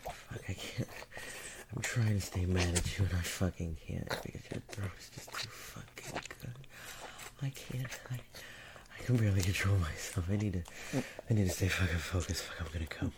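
A man doing a deep, gravelly, taunting creature. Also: moderate pace, heavy background noise. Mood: overwhelmed. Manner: taunting, breathy, often whispered, with chuckles. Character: dominant, mocking non-human male creature. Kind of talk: whispered role-play.

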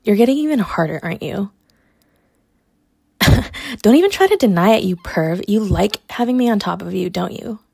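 A woman's voice: medium pitch, lively intonation, moderate pace, gravelly, pauses often, warm tone, slightly rough, no echo. A young adult woman performing a scripted audio role-play, teasing and mocking with frequent laughter. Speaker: college athlete character in an audio role-play.

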